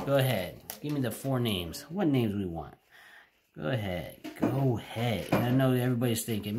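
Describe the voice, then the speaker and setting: A man hosting a casual card-opening vlog from home, excitable and chatty, talking straight to his viewers. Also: mid-range voice, moderate pace, background noise. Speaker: card-opening channel host. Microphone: home camera setup.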